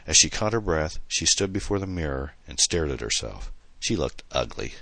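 A man's voice: very deep voice, very animated, normal speed, gravelly, a bit bright, no room sound. A man reading a novel aloud in dramatic, tense scripted narration. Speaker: audiobook narrator.

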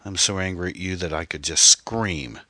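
A man voicing a bitter, angry woman on the phone, snapping and scornful, with shrill outbursts. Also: big pitch swings, moderate pace, bright, forceful tone, breathy edge, no echo, full character voice. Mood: furious.

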